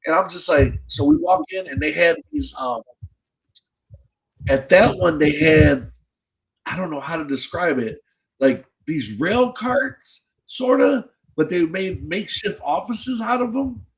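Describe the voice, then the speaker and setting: A man's voice: a little high, lively intonation, unhurried, creaky, low-quality recording. A man hosting a podcast and telling a long, casual story in slangy, profane speech, with many restarts. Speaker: podcast host.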